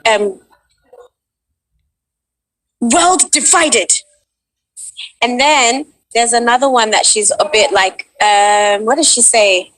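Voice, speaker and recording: A woman's voice: fairly high pitch, fairly even intonation, unhurried, few pauses, fairly bright tone, slight background noise, poor audio. A woman voice actress as a guest in a casual interview, modest and giggly.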